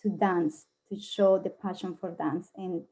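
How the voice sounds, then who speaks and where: A woman from Colombia with a Colombian Spanish accent, giving a casual presentation, often pausing with fillers while she searches for words. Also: lowish voice, fairly even intonation, warm tone. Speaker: guest presenter.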